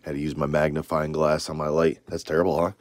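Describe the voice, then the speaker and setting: A man's voice: extremely low pitch, little pitch movement, fast talker, dry recording. A man hosting a casual card-opening video, reading off names with rambling asides. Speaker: trading card channel host.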